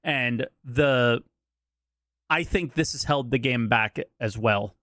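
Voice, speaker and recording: A man's voice: medium pitch, slow pace, a bit bright. Blunt skeptical man reacting to a video. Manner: blunt and skeptical, interjects to push back. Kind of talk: casual reaction commentary.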